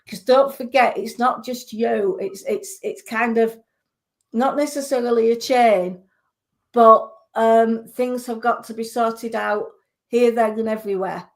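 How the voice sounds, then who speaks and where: A woman clairvoyant giving psychic readings on a radio show, earnest and reassuring, with hesitant pauses. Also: on the high side, steady tone.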